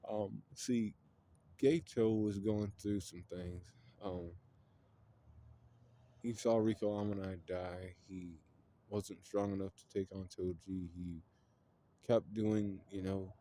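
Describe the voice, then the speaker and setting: A man's voice: sits low, steady tone, slow pace, dark tone, slight background noise. A man casually retelling an anime plot, rambling with lots of fillers and some swearing. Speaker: storyteller.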